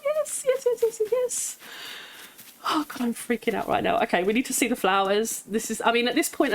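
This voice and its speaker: A woman giving excited gameplay commentary as a gaming YouTuber, gushing with nervous laughter and squealing bursts of joy. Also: mid-range voice, low-quality recording.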